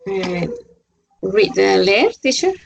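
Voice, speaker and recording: A woman, a student whose first language is Spanish, reading sentences aloud haltingly in class. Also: mid-range voice, big pitch swings, vocal fry, husky, highs cut off.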